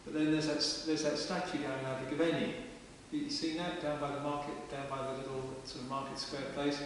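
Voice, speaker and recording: A vicar preaches in a large stone parish church, chatty and plain-spoken, his voice a little high, flat in delivery, and fairly quick. It's captured by a distant camera mic, so the church sounds echoey and far off, with hiss.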